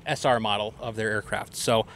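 A man's voice: on the low side, fairly even intonation, fairly quick, vocal fry, a bit bright, a little hiss or hum. A man hosting a podcast, giving a casual, upbeat recap with plenty of ums and uhs. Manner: chatty, upbeat, explains things with fillers. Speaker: podcast host.

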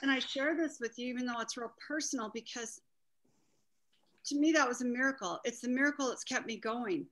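A middle-aged woman in a church group sharing a personal story, earnest and halting. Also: on the high side, fairly bright tone, low-quality recording. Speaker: group participant.

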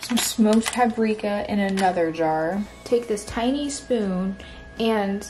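A young woman chatting to herself as she works on a crafting vlog, often slipping into soft asides. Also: medium pitch, takes it slowly, faint music behind. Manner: chatty, talks to herself while working, drops to soft asides. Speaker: crafting vlogger. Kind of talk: casual crafting vlog narration.

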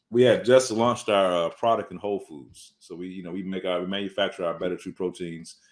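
A man, a food business owner, telling an earnest, faith-filled story as a podcast guest, repeating casual words as he goes. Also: deep voice. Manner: animated, repetitive storytelling full of "man" and "bruh".

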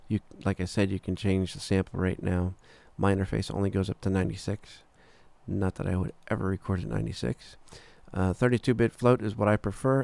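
A man teaching a recording workflow in a screen-recorded tutorial, relaxed and casual, talking through each step with filler words and the odd "boom". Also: vocal fry, no echo. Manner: relaxed, talks through steps as he clicks, frequent "uh" and "boom". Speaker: recording engineer teaching software.

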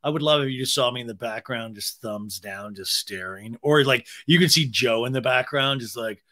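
A man's voice: medium pitch, moderate pace, pushed and bright. A man hosting a podcast, recapping a reality show in casual, sarcastic commentary and mimicking the people he quotes. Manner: chatty, sarcastic, acts out quotes in mocking voices. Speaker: podcast host.

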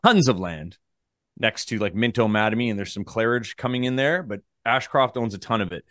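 A Canadian man with a fairly low voice, chatting casually as a realtor co-host. He talks in a relaxed way, with plenty of "like" fillers. The recording is close and dry. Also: a little fast, dry recording. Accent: Canadian English. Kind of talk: casual chat.

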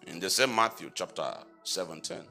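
A man preaching a sermon in a church, reading scripture aloud slowly and firing rhetorical questions at the congregation, then answering them himself. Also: faint music behind. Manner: reads scripture aloud in old-fashioned language, slow and emphatic; rises to loud, high-pitched exhortation. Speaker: apostle preaching.

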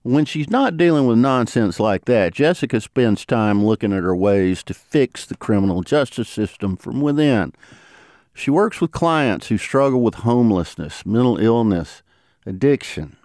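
A man hosting a podcast, narrating in a lively, conversational storytelling manner. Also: medium pitch, moderate pace, no echo, clean studio sound. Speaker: podcast host. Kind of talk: scripted narration.

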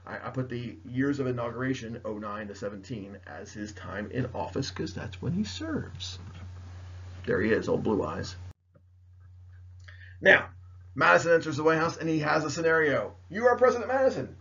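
Jokey male teacher, raspy, lo-fi lecture recording. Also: medium pitch, fairly bright tone. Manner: playful, jokey, talks straight to students. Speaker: history teacher. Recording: dull lo-fi recording.

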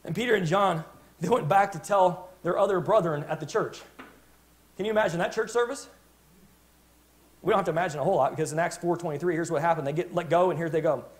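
A man's voice: on the high side, fast talker. A male preacher telling a Bible story in a sermon with passionate, dramatic storytelling. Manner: impassioned storytelling, dramatic retelling.

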